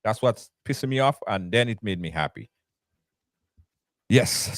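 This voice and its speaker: A man hosting a live online talk show, animated and repeating himself when flustered. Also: on the low side, normal speed, no echo, studio quality. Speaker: host. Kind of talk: casual live chat.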